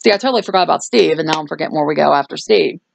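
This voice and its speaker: Creaky-voiced woman recapping a movie. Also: low voice, very fast, a little hiss or hum. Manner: rambling plot recap with fillers. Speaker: movie review host. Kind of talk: casual chat.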